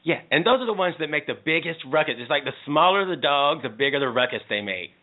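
A man's voice: on the high side, expressive, fast talker, narrow, tinny audio. A man from North Carolina, a comedian guest on a talk radio show, easygoing and playful. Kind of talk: casual talk radio banter. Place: radio studio.

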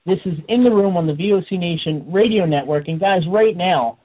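A man hosting a wrestling radio talk show, energetic and quick to laugh. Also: high voice. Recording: phone-like radio audio.

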